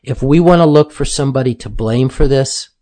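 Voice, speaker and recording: A man talking straight to his listeners in a loose, chatty monologue. He keeps addressing them directly and fills pauses with hesitations. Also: mid-range voice, mellow. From United States. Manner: conversational, keeps saying "folks", many fillers. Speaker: commentator host. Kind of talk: casual monologue commentary.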